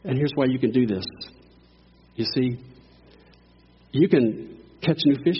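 A middle-aged man preaching a sermon as a guest pastor, telling a story and swinging from hushed lines to loud cries. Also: medium pitch, lively intonation, measured pace, long pauses, husky, highs cut off.

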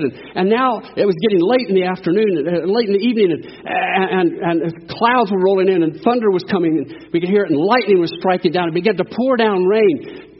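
A middle-aged man preaching a sermon as a guest pastor, telling a story and swinging from hushed lines to loud cries. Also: a little high, slightly rough, lo-fi sound.

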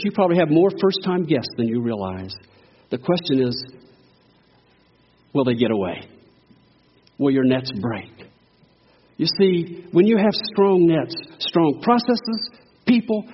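A man's voice: a little high, sing-song, moderate pace, husky. A man preaching a sermon to a church in a folksy, call-and-response style. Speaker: guest preacher. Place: church sanctuary. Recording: echoey hall, dull lo-fi sound.

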